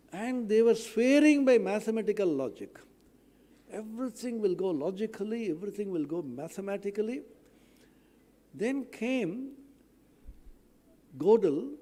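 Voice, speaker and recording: A man's voice: high-pitched, dark tone. A man answering student questions at a science event, earnest and explanatory, repeating phrases for emphasis. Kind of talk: lecture-style Q&A answer. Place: large hall at a science day event. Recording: long hall reverb.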